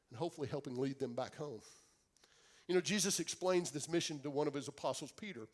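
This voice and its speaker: A young adult man, a pastor, preaching a sermon in an earnest, pleading way, dropping to soft quiet tones for emphasis. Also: on the high side, lively intonation, a little fast.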